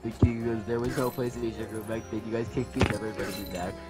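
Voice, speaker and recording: A young male gamer with a slightly low voice reads his friends' chat messages aloud in a loose, joking way. Game music plays clearly underneath. He talks casually, as if hanging out with friends. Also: flat delivery, quick pace. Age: teens. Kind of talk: casual gaming commentary. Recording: game music playing behind.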